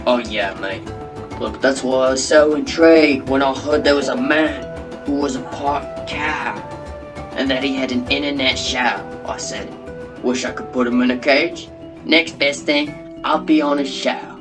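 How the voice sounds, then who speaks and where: A man plays a brash, boastful Australian breeder of monstrous hybrid animals, bragging like a showman. He speaks at a middling pitch, with guitar music playing clearly behind him. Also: a little slow, lightly acted. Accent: put-on Australian.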